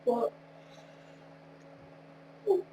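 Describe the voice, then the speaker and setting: A woman with a nasal voice from a cold, rambling and chatting with frequent laughs as she talks over her gameplay. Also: drawn-out words. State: recovering from a cold, tired. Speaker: video creator. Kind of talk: casual commentary over gameplay. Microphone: wrong mic, far from speaker. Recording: distant mic with clear hum.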